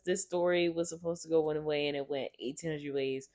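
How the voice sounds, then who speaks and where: Young woman, podcast co-host, casual chat, lowish voice, laughs often. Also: fairly quick. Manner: animated storyteller who acts out other people's voices.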